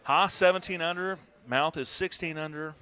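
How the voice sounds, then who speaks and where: A man casually commentating a golf video game stream, joking, swearing and bursting into excited shouts. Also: a little high, normal speed.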